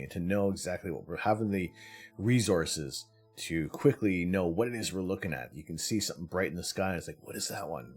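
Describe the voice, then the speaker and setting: Low-voiced man chatting on a live stream. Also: gravelly, a little mellow, husky. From Canada. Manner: chatty, greets viewers by name, laughs often. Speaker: livestream host. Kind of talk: casual live-stream chat with viewers.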